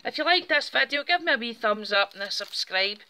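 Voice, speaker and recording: Woman hosting a craft demo; friendly, chatty delivery with a bright, clear edge. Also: on the high side, lively intonation, brisk, a little hiss or hum. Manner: chatty, friendly, explaining step by step. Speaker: craft channel host. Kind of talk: casual craft tutorial.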